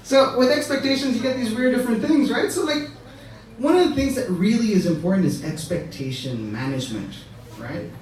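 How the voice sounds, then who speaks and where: Young male stand-up, chatty, checks in with the crowd constantly, higher voice, distant mic, faint room noise. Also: animated, fairly quick, darkish tone, heavy reverb. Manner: conversational, keeps asking "right?". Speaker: stand-up comedian. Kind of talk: stand-up routine. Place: comedy stage with live audience.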